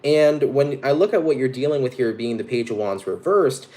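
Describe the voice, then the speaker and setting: A man's voice: medium pitch, moderate pace, darkish tone. A man giving a casual daily tarot reading. He talks straight to his viewers, calls them by their zodiac sign, and swears freely. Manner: upbeat, casual, with frequent swearing. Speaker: tarot reader.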